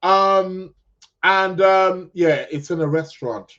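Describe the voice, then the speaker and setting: Male podcast host, slow and meandering, fairly high voice, lo-fi sound. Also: fairly bright tone. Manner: slow, rambling, many ums and restarts; chuckling, addresses listeners as "people". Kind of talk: casual live astrology chat.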